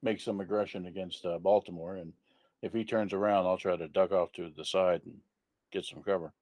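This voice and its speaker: A man's voice: low-pitched, steady tone, a little fast, a little mellow, dry recording. A man playing in a tabletop role-playing game, asking careful questions and planning moves. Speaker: player.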